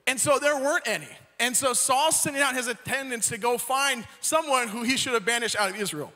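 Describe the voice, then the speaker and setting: High-voiced young man preaching casually. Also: brisk, bright, forceful tone. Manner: chatty, joking, frequent "right?" asides. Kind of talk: casual sermon storytelling. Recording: long hall reverb.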